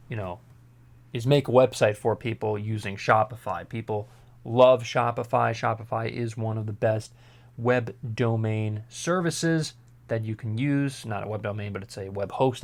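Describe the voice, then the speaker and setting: A man's voice: fairly low pitch, steady tone, moderate pace. A male vlogger talking casually to the camera, rambling, with many fillers and restarts.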